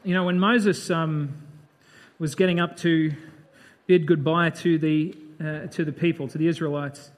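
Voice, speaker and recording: A man's voice: fairly high pitch, steady tone, measured pace. A man giving a conversational Bible sermon, breaking off from the reading to comment in a chatty, reflective way. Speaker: preacher.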